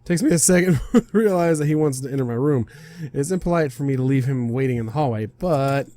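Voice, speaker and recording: A young game streamer reads a visual novel aloud in a casual, animated manner, a little fast, in a medium-pitched voice with a dark tone. He trips over words, laughs, and corrects himself.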